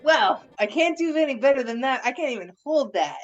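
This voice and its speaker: A woman's voice: high-pitched, animated, brisk, muffled recording, faint music behind. A woman player in a tabletop game, casual and a bit hesitant. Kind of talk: casual chat.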